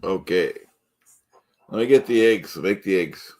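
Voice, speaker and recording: A man doing a self-important, thin-skinned guy cooking ham and eggs for a live stream, in a somewhat low voice. He rambles from topic to topic and keeps indignantly repeating that nobody should question him, all in an improvised comedy bit. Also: expressive, a little slow, darkish tone. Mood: blustering. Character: pompous, touchy middle-aged man cooking eggs live. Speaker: livestream host in character.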